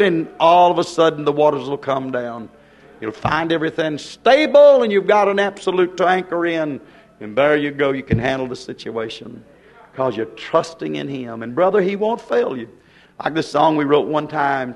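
A man's voice: a little high, expressive, moderate pace, gravelly. An older man, preaching a fervent, exhorting sermon.

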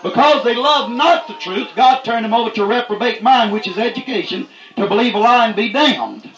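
A man preaching a fiery, folksy sermon, punctuating his points with "that's right" and rising to shouts. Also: very high voice, a little fast, reverberant, poor audio.

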